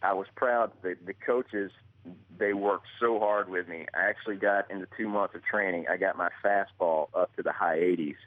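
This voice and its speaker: A man in his thirties from Alabama, a guest calling in by phone, telling stories in polite, quick bursts and laughing easily. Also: low voice, fairly even intonation, dry recording. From Birmingham, Alabama. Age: 30s. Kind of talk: casual chat. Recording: dry, muffled phone line.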